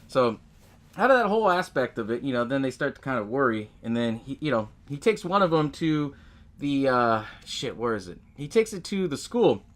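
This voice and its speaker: A man's voice: medium pitch, sing-song, moderate pace, fairly bright tone. A man hosting a podcast, recapping a movie in a loose, profane way and laughing often as he tells it. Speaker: podcast host.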